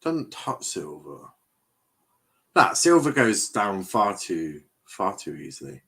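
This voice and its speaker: A man's voice: deep voice, sing-song, slow, vocal fry, fairly bright tone, husky. A young man, commenting casually on a live football match while chatting with viewers. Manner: chatty, reacting to play and reading chat aloud. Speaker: watchalong streamer.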